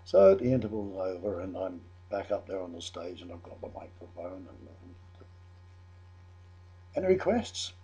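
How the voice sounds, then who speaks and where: A man's voice: deep voice, expressive, normal speed, dark tone, husky, lo-fi sound. An older man from England telling a chatty personal anecdote, amused at himself, with frequent restarts. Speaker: storyteller.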